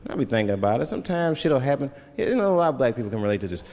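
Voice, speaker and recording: A man performing stand-up comedy on stage, telling profane, animated stories. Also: mid-range voice, racing. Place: comedy stage before live audience. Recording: live stage hall with crowd.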